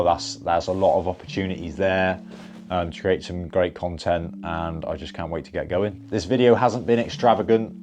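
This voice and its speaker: A man's voice: low-pitched, darkish tone, dull audio. A young man with a Bristolian accent, chatting upbeat and casual to camera about his golf plans, with many fillers and restarts. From Bristol, England. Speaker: golf content creator. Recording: faint guitar music behind.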